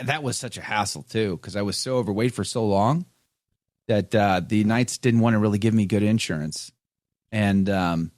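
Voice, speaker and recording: A man hosting a live talk show, chatting casually and reading viewer comments, animated when telling stories. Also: lowish voice, no room sound. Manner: animated, mimics others in storytelling. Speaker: host.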